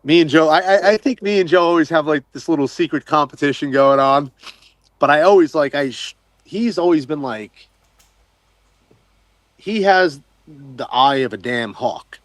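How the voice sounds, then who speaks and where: A man telling an excitable diving story, swearing casually and acting out what he said at the time. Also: a little high, moderate pace, no echo. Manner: excitable, swears casually, acts out his own quotes. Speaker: wreck diver guest. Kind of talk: animated storytelling.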